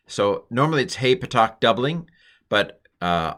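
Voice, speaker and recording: A man's voice: mid-range voice, sing-song, unhurried, long pauses, fairly bright tone. A man giving an informal Hebrew grammar lesson, explaining step by step with chatty, playful asides. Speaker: Hebrew teacher.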